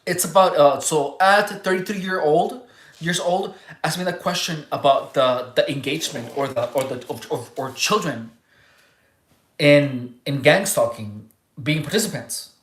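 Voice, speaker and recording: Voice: medium pitch, a little slow. Rambling livestream host in an echoey room. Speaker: livestream host reading viewer chat. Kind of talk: casual livestream talk.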